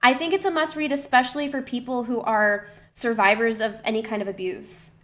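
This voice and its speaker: A woman's voice: fairly high pitch, steady tone, a little fast, a bit bright. A young woman streamer chatting to her live chat, reflective and loose, with many fillers and restarts. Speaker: streamer and personal trainer.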